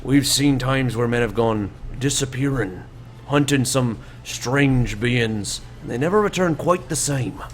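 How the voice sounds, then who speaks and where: A man's voice: medium pitch, unhurried, slight background noise, natural voice. Man voicing a folksy dwarf plainsman with a burr. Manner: folksy, drawling, teasing.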